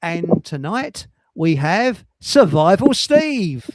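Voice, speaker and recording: Cheeky rambling English stream host. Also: male voice, on the high side, very animated, takes it slowly, a little mellow, no room sound, low-quality recording. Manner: rambling, cheeky, laughs at own jokes, swears. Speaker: livestream host. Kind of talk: casual chat.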